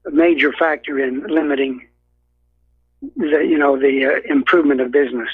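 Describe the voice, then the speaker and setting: Husky male caller on a tinny phone line. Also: fairly high pitch, steady tone, no room sound. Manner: halting, with many fillers and restarts. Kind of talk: call-in radio talk.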